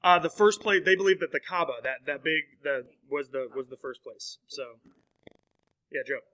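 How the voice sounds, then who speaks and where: In this low-quality recording, a teacher speaks to his class at a moderate pace. His voice is strikingly bright and forward, sitting slightly high, and he keeps things casual with plenty of fillers and questions to make sure students are following.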